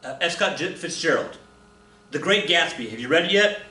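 This recorded classroom history lesson comes from a breathless man who keeps joking, performs little voices and counts off dance steps. His voice is a little high at a normal speed, and the room is echoey.

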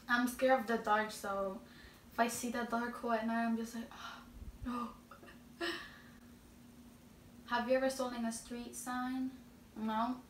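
Slow, giggly young woman with a Spanish accent. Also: a little high. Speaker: vlogger answering questions. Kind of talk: casual Q&A chat. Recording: roomy echo, distant mic, faint noise.

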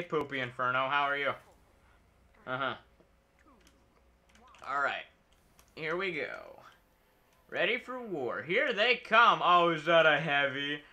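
A man's voice: mid-range voice, sharp tone. A young adult man streaming a game, rambling casually and silly, talking to himself and the enemies and making nonsense noises. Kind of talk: casual gameplay commentary.

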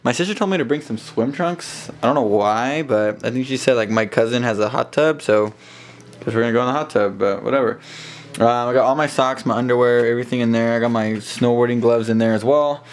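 Gravelly young man rambling in a vlog. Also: mid-range voice, brisk, reverberant. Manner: rambling, easygoing, self-talk to camera. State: throat a bit rough. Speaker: vlogger. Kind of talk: casual vlog narration. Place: car, then at home indoors.

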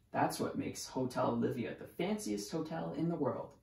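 A preschool teacher reading a picture book aloud to children, expressive and animated, in a roomy echo. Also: medium pitch, moderate pace, gravelly, hardly any pauses. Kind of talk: storybook read-aloud.

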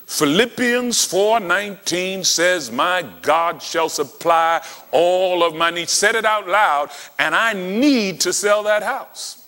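A man's voice: sits high, slow, few pauses, bright, forceful tone, soft background music. A man preaching a sermon, telling stories with dramatic flair and acting out the dialogue. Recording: long hall reverb.

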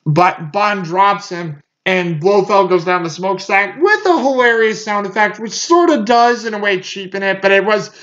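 A man's voice: sits high, animated, moderate pace, few pauses, fairly bright tone. A man giving a casual movie review, rambling with lots of fillers and restarts. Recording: muffled lo-fi recording.

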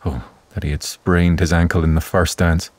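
A man's voice: sits low, little pitch movement, normal speed, a little mellow, no echo. A man voicing an impatient, exasperated older husband with a sardonic edge in a bedtime story reading.

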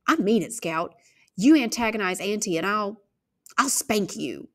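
A woman voicing a serious, bossy older brother in a storybook reading, lecturing gravely. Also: medium pitch, animated, a little slow, natural voice.

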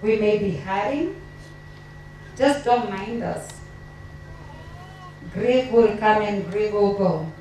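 A woman reads tributes at a memorial gathering, halting and tearful. Her voice is slow and mellow. It is heard from a distance in a very echoey hall with faint background noise. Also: mid-range voice. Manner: emotional, halting delivery. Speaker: family member giving a eulogy. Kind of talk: reading tributes at a memorial service.

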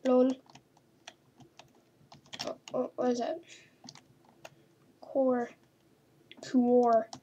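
A woman's voice: fairly high pitch, level tone, extremely slow, long pauses, warm tone, highs cut off, slight background noise. A woman hosting a gaming video, giving playful horror-game commentary and talking to the characters on screen. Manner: chatty, talks to game characters, mild swearing. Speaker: gaming channel host.

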